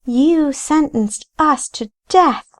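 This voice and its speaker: A bitter ghost of a young woman, her voice climbing high and eerie as she accuses, put on by a woman reading a story aloud. The delivery is slow and drawn out. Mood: accusing.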